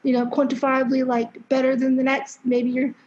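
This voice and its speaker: A young woman with a high voice talks as a podcast guest, in a loose, chatty way full of fillers and blunt swearing. The sound is dull and lo-fi. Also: monotone, normal speed, a little mellow. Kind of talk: casual interview storytelling.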